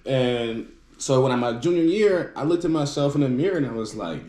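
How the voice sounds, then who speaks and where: A man from Wisconsin with a Southern accent, telling stories in casual chat. He talks fast and stumbles over his words. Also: medium pitch, expressive, dark tone, reverberant. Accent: Southern US (Mississippi). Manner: fast-talking storyteller, trips over words.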